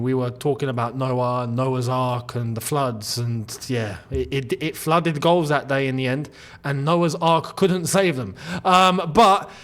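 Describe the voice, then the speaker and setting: A young man hosting his football channel, talking casually and with animated disbelief, jumping between loud outbursts and mutters. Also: on the high side. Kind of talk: casual solo commentary.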